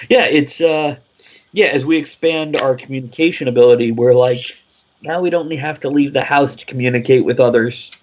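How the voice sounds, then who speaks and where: A man's voice: mid-range voice, normal speed, lo-fi sound. A man hosting a casual livestream panel chat, joking and wry. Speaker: host.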